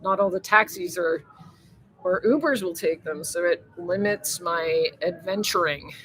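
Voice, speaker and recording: A woman's voice: lowish voice, measured pace, a bit bright, husky, faint music behind, rough recording. A woman hosting a casual live stream, rambling and chatty, laughing often and swearing freely as she reads viewer comments.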